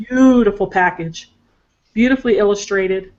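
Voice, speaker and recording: A woman's voice: mid-range voice, normal speed, a little mellow, muffled recording. An older woman telling a heartfelt family story in casual chat on a video call, emotional and talkative. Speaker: psychic show co-host.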